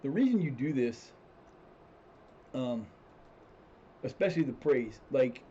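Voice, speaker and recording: A man with a mellow, somewhat dark voice talks his way through a football management game on a live stream, circling back and restarting sentences as he thinks aloud. The audio is slightly dull and lo-fi, with a faint hiss underneath. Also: medium pitch, expressive, slow. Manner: rambling, restarts sentences, swears when frustrated. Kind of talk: casual gameplay commentary.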